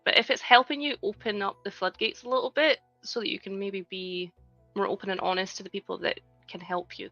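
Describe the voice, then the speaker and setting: Woman, thirties, casual live-stream chat, bright gravelly voice, dry dull-sounding audio, faint background music. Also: lowish voice, no echo. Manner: chatty, reads chat aloud, frequent "like". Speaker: livestreaming LEGO builder.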